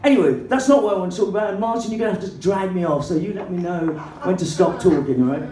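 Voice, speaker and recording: Performing stand-up at a comedy club, this woman from England swears excitedly through a story, playing the people in it with shrill, put-on voices. Her delivery is quick. Her voice is heard from afar in a spacious hall, over faint background noise.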